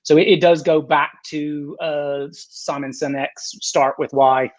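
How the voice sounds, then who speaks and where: A man's voice: on the high side, steady tone, takes it slowly, rough recording. A man in his forties, a guest on a video-call chat, talking in a rambling, self-deprecating way with many restarts.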